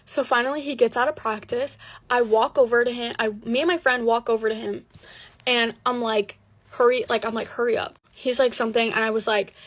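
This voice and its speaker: A teenage girl telling a dramatic personal story in a chatty, animated way, full of "like" fillers. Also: on the high side, fairly quick. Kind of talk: casual storytime.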